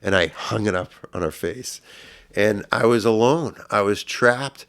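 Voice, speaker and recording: A middle-aged man appears as a podcast guest, earnestly retelling a personal story. His voice sits on the low side and moves at a measured pace, swelling louder at the intense moments.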